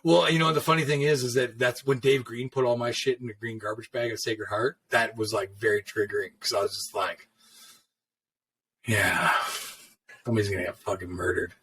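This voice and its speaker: A middle-aged tattoo artist tells shop stories in a laid-back, freely swearing conversation, acting out the lines people said to him. His mid-range voice is fairly bright and slightly rough, with fairly even intonation, a little fast and hardly pausing.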